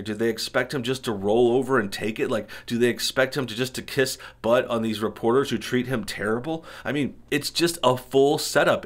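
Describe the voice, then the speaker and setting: A man's voice: medium pitch, a bit bright. A man hosting an opinionated commentary show, talking indignantly in a string of rhetorical questions. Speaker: political commentary host. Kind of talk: opinionated commentary over news clips.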